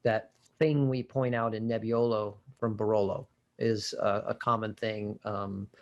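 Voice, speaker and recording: A man's voice: on the low side, flat delivery, unhurried, muffled recording. A man co-hosting a casual educational wine show, describing wines with enthusiasm and vivid tasting terms.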